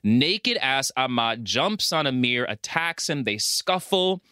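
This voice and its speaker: A man co-hosting a podcast, retelling a film with lively profanity, frequent laughter and acted-out quotes. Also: medium pitch, slow, clear, resonant tone, no echo, clean studio sound. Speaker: podcast co-host. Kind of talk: casual movie recap chat.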